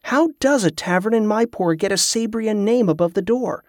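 A curious, courteous woman adventurer, as a male narrator puts her on in a fantasy audiobook. She is lifted higher than the man's own voice and asks her questions politely. The recording is dry and close. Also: normal speed, no room sound, close to an everyday voice. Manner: inquisitive, courteous.

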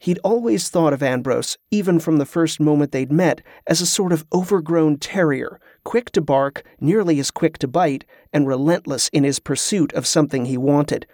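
A man narrating an adventure novel in an even, measured storytelling manner. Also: a little high, no room sound, clean studio sound. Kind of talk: audiobook narration.

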